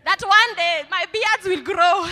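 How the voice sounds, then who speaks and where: A woman pastor preaching a sermon, animated and calling out to the congregation for responses. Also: extremely high pitch, takes it slowly, in a large hall.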